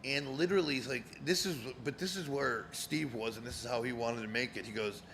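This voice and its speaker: Man, fifties, from Connecticut, gravelly voice, rambling profane storyteller, faint lounge ambience. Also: medium pitch, fairly quick, fairly bright tone, a little hiss or hum. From Connecticut, USA. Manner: rambling, profane, many fillers. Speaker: guest, former pro wrestler. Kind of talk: casual storytelling. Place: cigar lounge, live show.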